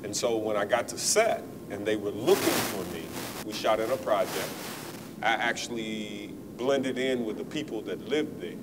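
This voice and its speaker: A man, an actor guest, giving measured, thoughtful answers in a casual interview. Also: fairly low pitch. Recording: distant mic with noise.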